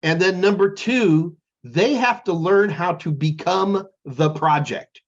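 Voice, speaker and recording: A man's voice: sits high, slow pace, muffled recording. A middle-aged man co-hosting a casual chat, rambling and joking as he tells stories. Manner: rambling, jokey, animated storytelling. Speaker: podcast co-host.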